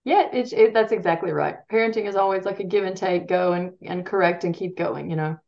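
A woman's voice: lowish voice, fairly quick, vocal fry. A woman parenting coach talking casually in an interview, rambling and restarting her sentences and laughing at herself. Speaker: parenting coach and podcast guest. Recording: dull lo-fi sound.

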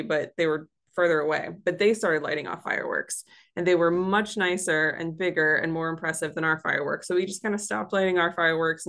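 A woman's voice: fairly low pitch, fairly bright tone. A woman guest telling a family story in a casual, chatty way with many fillers. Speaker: history center staff guest.

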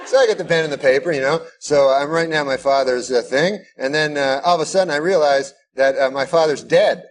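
A man with a fairly high voice spins a rambling deadpan anecdote, full of fillers and stray chuckles. The clip is hissy and noisy. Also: brisk. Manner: rambling, fillers, laughs through his lines. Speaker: comedian telling a story.

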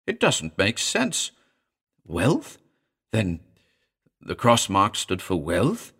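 A man's voice: on the low side, huge pitch swings, drawn-out words, gravelly, fairly bright tone, slightly rough, exaggerated voice. A man voicing a jittery, frightened young man who talks in urgent, panicky bursts. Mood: stunned, disbelieving.

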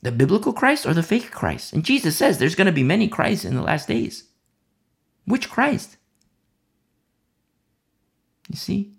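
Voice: mid-range voice, sing-song, normal speed, creaky. A Bible teacher giving an informal, conversational talk to a home fellowship, rambling with many asides and restarts.

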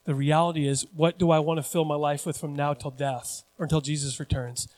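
A pastor in his forties preaching a sermon with animated, joking, self-deprecating asides. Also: a little high, fairly quick, in a large hall.

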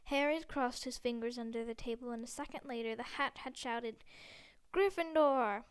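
A woman reading a storybook aloud in a steady, gentle way, with small slips. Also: on the high side, fairly quick, smooth. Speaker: audiobook reader. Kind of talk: storybook narration.

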